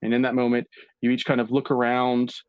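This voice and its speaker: A male dungeon master narrating a tabletop game at a mid pitch. His telling is relaxed and descriptive, with a dry, close sound. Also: brisk, clear, resonant tone, dry recording, dull audio. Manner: descriptive and relaxed, with filler words.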